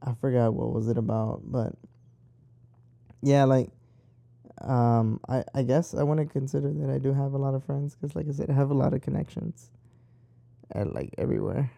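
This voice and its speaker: A man's voice: mid-range voice, normal speed, gravelly, pauses often, dark tone, no echo. A young man chatting casually, rambling and swearing freely as he tells stories. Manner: rambling, profane and talkative. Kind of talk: casual chat.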